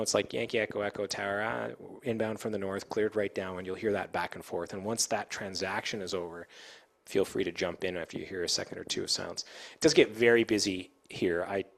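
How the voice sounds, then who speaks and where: A fast-talking man with a somewhat low voice, speaking casually to a group of pilots. He works as an air traffic controller and leans on fillers and quick restarts as he explains radio habits. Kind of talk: informal safety talk to pilots.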